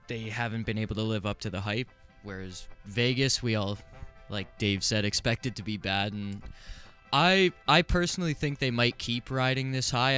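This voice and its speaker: A man giving steady, informed hockey analysis on a casual sports talk show. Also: lowish voice. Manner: steady informed analysis, some stammered starts. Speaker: hockey panelist.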